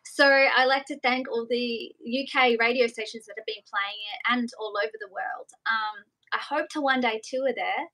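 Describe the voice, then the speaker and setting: A woman's voice: a little high, moderate pace, hardly any pauses, sharp tone, rough recording. A woman singer, a guest chatting in a bubbly, giggly way on a live video call interview. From Australia. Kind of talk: casual live interview chat.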